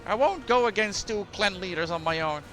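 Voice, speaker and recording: A man's voice: high voice, expressive, fairly quick, a bit bright, faint music behind, pitched above the performer's own voice. A man voicing a stubborn old woman in a game who grudgingly backs down. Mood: indignant. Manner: indignant, grudging.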